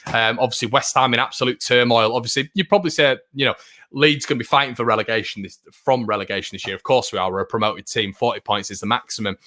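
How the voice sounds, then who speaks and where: A man's voice: medium pitch, fast. A young man hosting a live football watchalong stream, chatting casually and reading out viewer comments with lots of fillers and restarts. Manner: chatty, filler-heavy, frequent restarts, excitable fan.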